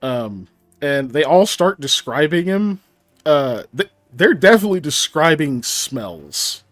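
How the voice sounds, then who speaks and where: A man's voice: a little high, sing-song, slow pace, a bit bright, no room sound. A man narrating a tabletop game as game master, in a casual way with lots of fillers.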